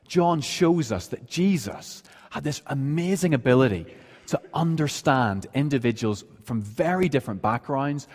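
A male pastor preaches in an earnest, explanatory way, often posing rhetorical questions. His voice sits at an ordinary middle pitch. A long reverb from the church sanctuary trails behind his words. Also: darkish tone. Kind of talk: sermon. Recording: long reverb of a large hall.

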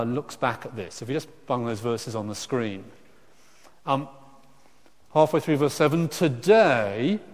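A man delivers a sermon in an easygoing, conversational style, frequently restarting phrases and drifting into lively asides. His voice is medium-pitched and sits in a middle register, with long hall reverb trailing his words.

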